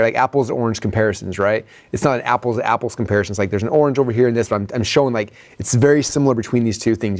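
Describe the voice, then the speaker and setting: A man coaching others as he breaks down his own sales presentation, chatting rapidly and leaning on "like" and "right?". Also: on the low side, darkish tone. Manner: rapid, conversational, heavy on "like" and "right?".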